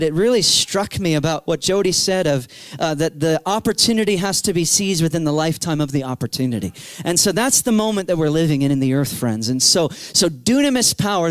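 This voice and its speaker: A man in his thirties preaching a sermon, telling his story with animated energy and acting out his own past cries. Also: sits high, smooth, no room sound. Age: 30s.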